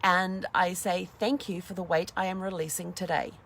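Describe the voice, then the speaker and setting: A woman's voice: fairly low pitch, steady tone, moderate pace, gravelly, fairly bright tone, a little hiss or hum. A middle-aged woman hosting a casual motivational talk, chatty and acting out little dialogues as she goes. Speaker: host.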